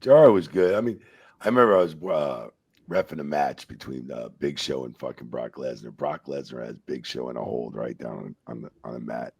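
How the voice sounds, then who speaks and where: A middle-aged man, a retired wrestling referee, telling profane, animated backstage stories on a podcast and acting out the voices in them. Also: very deep voice, brisk, gravelly, breathy edge. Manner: profane, animated storyteller who acts out quotes. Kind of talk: casual storytelling interview.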